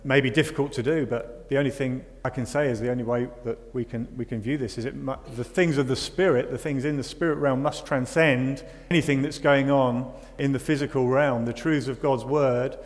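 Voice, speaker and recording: A man's voice: mid-range voice, steady tone, a little fast, few pauses. A man preaching a sermon in a conversational way, often asking his listeners rhetorical questions. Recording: long reverb of a hall.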